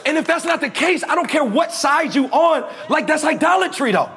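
A man's voice: very high voice, expressive, normal speed, bright, forceful tone. A male preacher giving a conversational, slangy sermon, leading the congregation in call-and-response.

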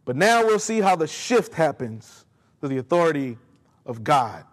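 A man's voice: on the high side, sing-song, moderate pace. A man preaching a sermon, emphatic and speaking directly to his congregation in a church. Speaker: pastor. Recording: long hall reverb.

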